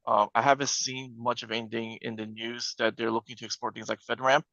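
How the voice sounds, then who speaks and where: A man speaking as a panel guest, briskly and emphatically, often tagging his points with "right?". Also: medium pitch, little pitch movement, creaky, pushed and bright, no room sound, muffled recording. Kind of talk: conversational panel discussion.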